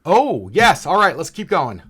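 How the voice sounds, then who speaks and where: A woman's voice: fairly low pitch, sing-song, measured pace, a bit bright, breathy edge. A woman co-hosting a casual podcast chat, playful and teasing, rambling with plenty of fillers. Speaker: podcast co-host.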